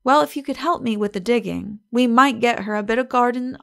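A woman voicing a gentle, grave aging male weaver with mild, fatherly rustic speech in an audiobook reading. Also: a little high, fairly quick, creaky, voice pushed up. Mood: fond, grave.

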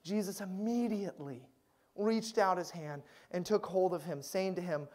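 A male pastor giving a sermon, swinging between loud emphatic lines and hushed, gentle ones. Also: sits high, moderate pace.

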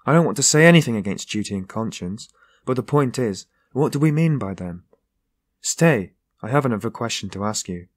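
A man's voice: medium pitch, lively intonation, fairly quick, lightly acted. A man voicing an eager, argumentative young male student who speaks insistently. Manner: earnest, insistent.

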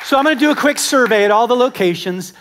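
A male pastor preaching a sermon in a conversational, animated storytelling manner, talking directly to his congregation. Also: extremely high pitch, fast talker, crowd noise, background noise. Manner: animated storytelling with acted-out quotes. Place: church service with a congregation.

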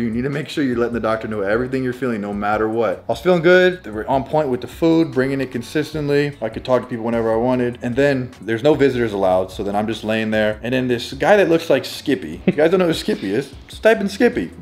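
A young man recovering from surgery, telling a story in casual podcast chat and acting out the people in it. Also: medium pitch. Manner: animated, acts out the people in his story. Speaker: podcast co-host.

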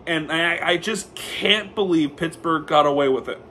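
A man recapping a hockey game as a fan, talking in a casual, excitable way and often stumbling and correcting himself. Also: a little high, normal speed, a little hiss or hum.

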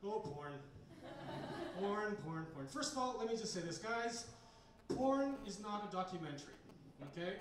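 A man does stand-up comedy with a rambling, hesitant delivery full of fillers, and his voice sits high for a man. He was recorded from far back in a bar, with heavy room echo and a faint hum of ambience. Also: lively intonation, moderate pace. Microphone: handheld recorder in the audience.

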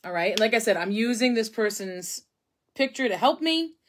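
A woman's voice: a little high, expressive, moderate pace, slight background noise. Chatty woman teaching a painting craft. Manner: chatty and self-deprecating, thinks aloud while painting. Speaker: craft instructor. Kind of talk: casual painting tutorial.

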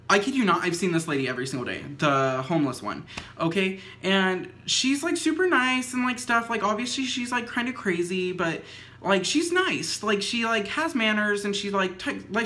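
A young woman telling a story in a casual vlog, filling nearly every phrase with "like", swearing freely and acting out what people said. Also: on the low side. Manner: says "like" constantly, swears freely; animated retelling with acted quotes. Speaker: vlogger.

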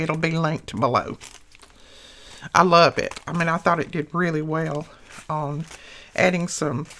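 A woman's voice: on the low side, a bit bright. An older woman hosting a crafting video, chatting casually and telling homey family stories as she works. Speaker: crafting channel host.

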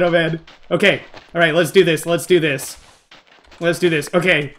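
A young man streaming a game live to his chat, excitable and jumpy, repeating himself in bursts when scared. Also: a little high, normal speed. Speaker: gaming streamer. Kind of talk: live gameplay commentary.

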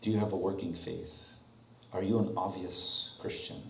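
A man with a low voice preaches a sermon, weaving a story into his message and firing rhetorical questions at his listeners. He is heard from a distant mic, and his voice rings through a roomy church with a faint hum of ambience behind it. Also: fairly even intonation, normal speed, gravelly. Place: church sanctuary.

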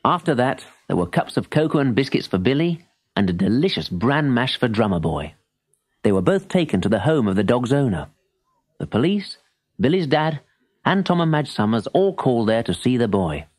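A man narrating a children's story in an expressive, animated storytelling manner. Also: medium pitch, moderate pace. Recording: story tape with music.

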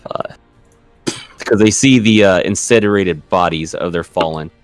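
A man's voice: low-pitched, measured pace, no echo, soft background music. A man narrating a tabletop game as game master, easygoing and thinking aloud with fillers.

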